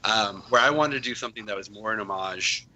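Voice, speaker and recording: A man's voice: lowish voice, quick pace, background noise. A man, a comic writer on as a guest, chatting casually and rambling with lots of fillers. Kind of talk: casual chat.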